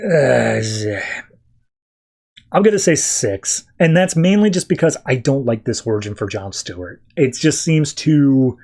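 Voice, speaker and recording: A man's voice: mid-range voice, expressive, measured pace, gravelly, darkish tone, breathy edge. A man hosting a podcast, recapping comic issues in a chatty, loose way with offhand asides. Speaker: podcast host. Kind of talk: casual comic book recap.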